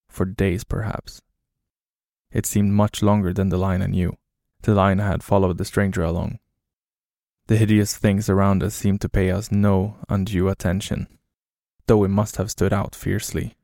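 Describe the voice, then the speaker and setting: A man narrating a horror story in a flat, grim, low-key way. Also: gravelly, dry recording, studio quality.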